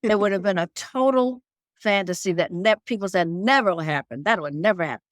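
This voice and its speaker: An older woman from Detroit, a singer being interviewed, telling stories in an animated way and repeating phrases for emphasis. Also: medium pitch, fairly quick, no echo, clean studio sound. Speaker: guest singer. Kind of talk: casual interview chat.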